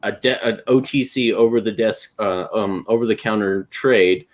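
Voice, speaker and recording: Halting man politely disagreeing. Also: fairly low pitch. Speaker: guest on a call. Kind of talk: casual debate.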